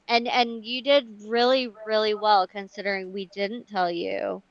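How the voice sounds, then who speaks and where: A woman's voice: medium pitch, little pitch movement, measured pace, hardly any pauses, muffled recording. A woman co-hosting a casual livestream, chatty and wry.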